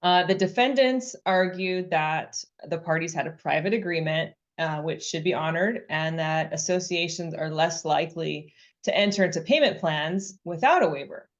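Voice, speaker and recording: A woman's voice: on the low side, moderate pace. A woman on a webinar panel presenting case law, explaining what the court found and reading out its findings. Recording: dull lo-fi webinar audio.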